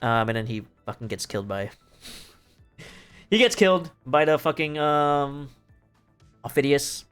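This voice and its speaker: A man's voice: medium pitch, fairly bright tone, smooth. A young man streaming, casually retelling a play in a rambling, profane way, laughing often. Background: faint music.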